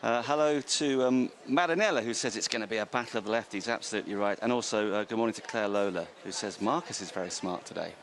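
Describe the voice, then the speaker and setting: A man hosting a live sports studio chat, brisk and teasing as he moves the talk along. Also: on the low side, fairly bright tone, slight background noise. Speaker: studio host.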